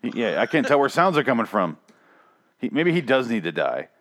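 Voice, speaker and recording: A man's voice: mid-range voice, sing-song, brisk, a bit bright. A man co-hosting a casual chat, sarcastic and freely swearing. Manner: sarcastic, profane. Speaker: podcast co-host.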